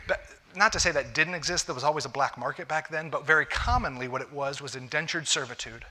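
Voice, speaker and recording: Male pastor, sermon delivery, very bright tone, slightly high voice, conversational with restarts. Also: fast. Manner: conversational preaching with repeated restarts.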